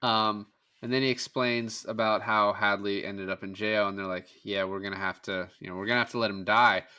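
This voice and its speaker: A man with a bright, forward voice talks through a film with friends in easy, animated chat. He keeps slipping into quick quoted snippets of the characters as he retells scenes, with plenty of casual fillers. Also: on the low side, smooth. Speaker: podcast guest.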